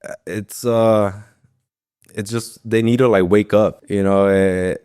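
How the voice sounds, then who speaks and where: A man's voice: lowish voice, fairly even intonation, slow, warm tone, smooth. A young man, a fighter, telling his story in a casual interview, rambling with lots of fillers and swearing freely. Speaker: guest, professional MMA fighter.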